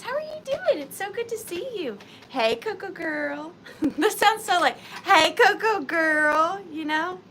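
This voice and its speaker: A woman with a high voice hosts a live sale stream. She chats casually with viewers, greets them one by one by name and pokes fun at herself. Her pitch bounces around a lot. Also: slight background noise. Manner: chatty and self-deprecating, warmly greets viewers by name. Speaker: host of an antique and vintage live sale.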